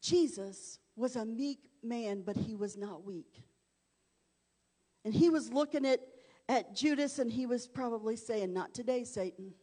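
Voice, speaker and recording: A woman preaching a sermon, swinging from hushed, quiet stretches to loud, fervent shouting. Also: on the high side, a little slow.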